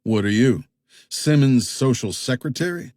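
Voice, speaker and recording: A man voicing a menacing backwoods boatman with a shotgun in an audiobook, with slow rural threats. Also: mid-range voice, lively intonation, darkish tone, no room sound, studio quality, close to an everyday voice.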